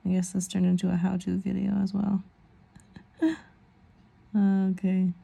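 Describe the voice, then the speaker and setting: Woman in her 30s, nail vlogger, mellow and gravelly, chatty rambling delivery. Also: mid-range voice, monotone, a little slow. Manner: chatty, rambling, self-deprecating asides. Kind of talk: casual tutorial chat.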